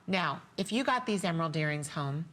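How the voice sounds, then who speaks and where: A woman on a shopping channel giving a sentimental, repetitive sales pitch for jewelry, tearing up as she talks. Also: animated, brisk, a bit bright. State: teary. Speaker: jewelry designer and shopping show guest.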